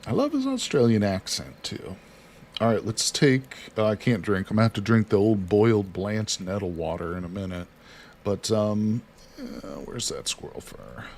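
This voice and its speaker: A man's voice: fairly low pitch, animated, moderate pace, a little mellow. Chatty man streaming a survival game. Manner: chatty, reads chat aloud, talks himself through actions. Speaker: livestream host. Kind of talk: casual gameplay commentary.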